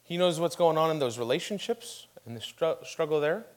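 Middle-aged man, pastor, fairly high voice, animated sermon delivery. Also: moderate pace. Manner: animated storytelling with acted quotes, then quiet and hushed for scripture.

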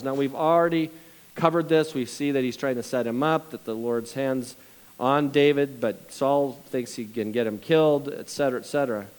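A male pastor preaching a sermon in a lively, conversational way, asking his congregation questions and adding jokes between Bible readings. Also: on the high side, low-quality recording.

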